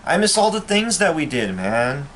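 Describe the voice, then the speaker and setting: A man's voice: a little high, big pitch swings, moderate pace, a bit bright, slight background noise. A man voicing a fake-friendly male ex-friend in a mocking, sing-song chummy tone.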